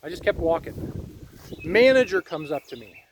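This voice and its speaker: A man's voice: on the high side, very animated, normal speed, background noise. Rambling man vlogging outdoors. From Ohio. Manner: rambling, folksy, preachy asides. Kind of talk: casual monologue.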